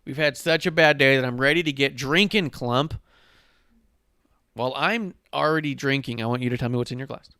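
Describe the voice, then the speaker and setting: Two buddies' wrestling show: this host talks in a clean, resonant voice, close and dry on the mic, with no room around it. He keeps things loose and jokey, cracking wise between sips, mid-pitched and relaxed. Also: brisk, clear, resonant tone, no room sound. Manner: joking, loose, drinks on air. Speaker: podcast host. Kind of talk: casual wrestling podcast chat.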